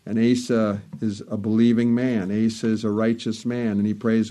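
A man preaching a sermon, quoting old scripture in a measured way and rising in fervor at the prayers. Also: mid-range voice, fairly even intonation, darkish tone.

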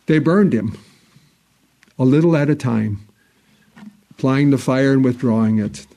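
A man preaching a sermon in a church, earnest, his voice swelling on key phrases and dropping low and slow for solemn parts. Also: creaky, warm tone. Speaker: pastor.

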